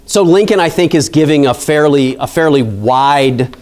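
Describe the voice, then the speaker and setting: A national park site manager from Pennsylvania, USA, gives a conversational history lecture to an audience, chatty and full of asides and questions for listeners. His voice is fairly high, a little mellow, at normal speed.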